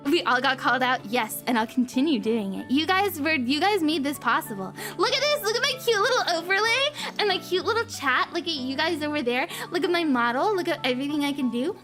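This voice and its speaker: High-voiced gushing woman streamer. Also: animated, a little fast, few pauses, a bit bright, faint music behind. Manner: gushing, emotional, giggly. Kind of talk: casual livestream chat.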